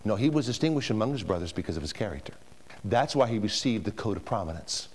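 A man's voice: on the low side, expressive, fast. A man preaching a sermon to a congregation, emphatic, with rhetorical questions to the room. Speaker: pastor. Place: church before a congregation.

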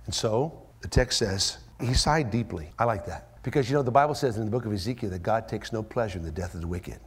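Man, pastor, sermon, whispers then shouts, acts out quotes. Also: slightly rough. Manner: swings from hushed whispers to loud, high-pitched emphatic rises; acts out quoted voices with strong pitch jumps. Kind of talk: expository sermon.

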